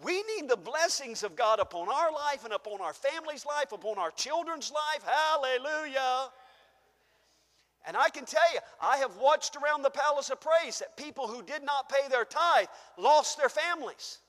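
A man's voice: extremely high pitch, animated, normal speed, in a large hall. A man preaching a fervent sermon as pastor, calling out to his congregation and laughing between points. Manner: fervent preaching, rising and shouting, then chuckling asides. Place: church sanctuary.

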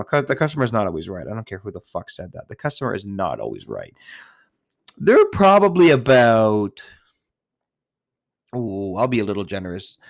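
A man's voice: mid-range voice, no echo, studio quality. A man talking to his listeners in a casual, rambling monologue. He swears a lot, talks nonstop and restarts his sentences often. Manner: profane, chatty, restarts often. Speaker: retail worker talking to listeners.

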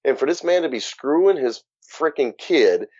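A man with a fairly high, darkish-toned voice speaks at a moderate pace with animation in a dry recording, though the podcast audio is dull and muffled. As an interview guest, he recounts his story candidly, swearing and occasionally laughing at grim moments.

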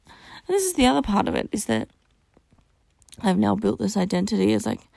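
A woman's voice: medium pitch, very animated, normal speed, creaky, dark tone, no room sound. A young woman hosting a solo podcast, talking candidly and rawly about her feelings, venting and swearing often. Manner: raw, venting, frequent swearing. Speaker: podcast host.

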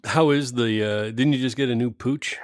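A man hosting a podcast, telling a story in a casual, profane, animated way and laughing often. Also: medium pitch, normal speed, no room sound, studio quality. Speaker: podcast host.

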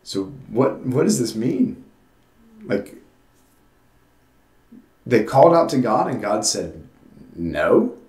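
A man delivers a sermon in a conversational, earnest way, often restarting his phrases as he works through a thought. His voice sits at an ordinary middle pitch for a man. The sound carries a roomy echo, as from a church sanctuary. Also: very animated, slow pace, long pauses, darkish tone. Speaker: pastor.

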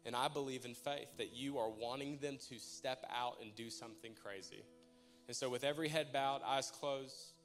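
A man's voice: mid-range voice, a bit bright. A young man preaching, telling a personal story and praying, emotional and conversational with stumbling restarts. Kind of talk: sermon with personal testimony and prayer.

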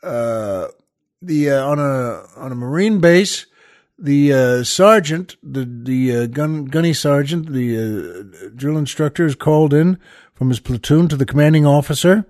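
A man's voice: a little high, expressive, measured pace, darkish tone. A man hosting a podcast, telling jokes in a rambling, chuckling way with many restarts and fillers. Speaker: podcast host. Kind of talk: casual joke telling.

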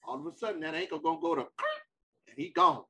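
A man's voice: high-pitched, wildly swooping pitch, a little fast, gravelly, bright, forceful tone, husky, low-quality recording. A man co-hosting a casual sports talk debate, emphatic and repeating himself to hold the floor.

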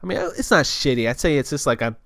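A man's voice: medium pitch, lively intonation, fast talker, fairly bright tone, no room sound, clean studio sound. A young man telling a casual story in a loose, rambling way, full of restarts and filler words.

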